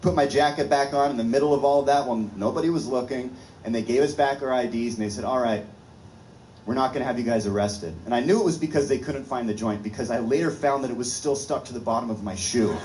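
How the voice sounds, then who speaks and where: Man, comedian, stand-up storytelling, animated, laughs as he talks, echoey room. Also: mid-range voice, fast talker, slight background noise. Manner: animated, laughs through his own story.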